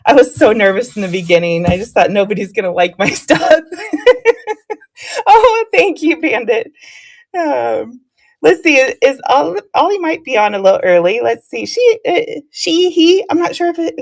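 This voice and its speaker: A woman's voice: on the high side, gravelly. Woman, live streamer, chatty, storytelling, laughs a lot. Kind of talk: casual chat with live viewers.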